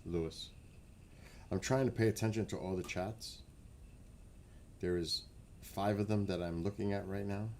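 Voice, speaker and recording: A man hosting a casual livestream, chatting with viewers by name and getting excited as he asks them questions. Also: deep voice, moderate pace, long pauses, slight background noise. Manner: chatty, talks to chat by name, gets excited and laughs. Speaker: livestream host.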